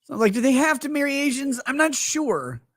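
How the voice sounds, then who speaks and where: A very high-pitched, very animated man talks a little fast with a fairly bright tone as he hosts a livestream. He rambles crudely and profanely through casual commentary while reading chat messages aloud. The studio sound is clean, with no room sound.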